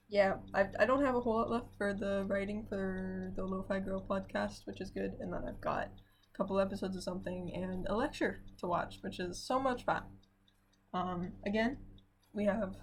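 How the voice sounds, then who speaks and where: Tired young woman rambling sarcastically. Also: mid-range voice. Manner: rambling, self-deprecating, dry sarcastic asides. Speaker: vlogger. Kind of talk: casual unedited vlog chat. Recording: faint background noise and clock ticking.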